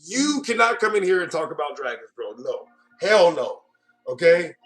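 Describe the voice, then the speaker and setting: High-voiced American man riffing on comments. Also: very animated, normal speed. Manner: joking, mock-offended, calls viewers bro. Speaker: host. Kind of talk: casual livestream chat reading comments.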